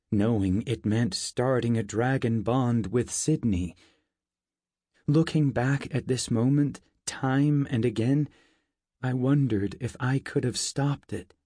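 A man narrating a first-person fantasy story in a measured, unhurried audiobook reading. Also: medium pitch, dark tone, slightly rough, no echo, studio quality.

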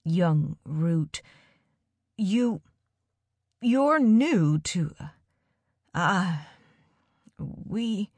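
A woman narrator voices a kind, gentle, soft-spoken village teacher from a storybook, who turns nervous, halting and stammering under pressure. She plays him slow and low in an exaggerated, expressive voice, recorded close and dry with no room sound.

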